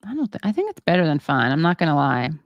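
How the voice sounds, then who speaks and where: Woman host, low voice, rambling chatty stream talk, dry close sound. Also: sing-song, no echo, lo-fi sound. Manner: rambling, halting, many fillers; self-deprecating, chatty. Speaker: show host. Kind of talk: casual livestream chat reading viewer comments.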